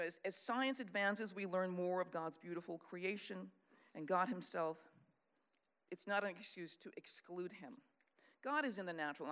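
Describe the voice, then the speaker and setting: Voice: medium pitch, fairly bright tone, clear, resonant tone. A Christian speaker giving an earnest, sermon-style teaching talk. The speaker lectures unscripted, with fillers and restarts, and reads out long quotations.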